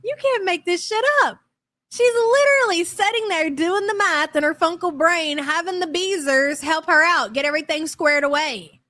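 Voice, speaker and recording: High-voiced woman mocking on stream. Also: moderate pace, bright, forceful tone. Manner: mocking, blunt, profane. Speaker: commentary channel host. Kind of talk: live stream reaction commentary.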